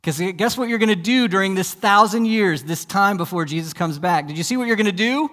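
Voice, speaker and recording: A male pastor preaching a sermon, asking rhetorical questions and repeating words as he starts his sentences, swinging from soft and low to loud and emphatic. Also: animated, a little fast, few pauses, long reverb tail. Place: church.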